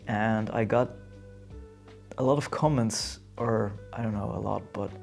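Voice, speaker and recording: A young man speaks English with a Dutch accent in a low, gravelly voice. He talks casually to camera, halting often as he searches for the right word. His delivery is unhurried and plain. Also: darkish tone, soft background music. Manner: hesitant, halting, searching for words. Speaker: vlogger.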